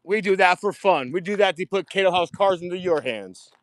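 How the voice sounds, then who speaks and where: A man giving a casual live-stream tour of his diecast collection, excitable, swearing freely and repeating himself. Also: sits high, fairly quick. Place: home storage rooms and outdoors at night.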